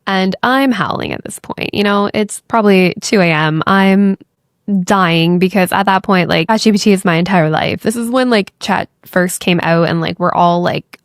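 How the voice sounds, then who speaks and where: A woman's voice: mid-range voice, normal speed, no echo, studio quality. A young woman hosting a podcast, telling a story in a loose, chatty way full of fillers and the odd swear word. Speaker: podcast host. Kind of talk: casual storytelling chat.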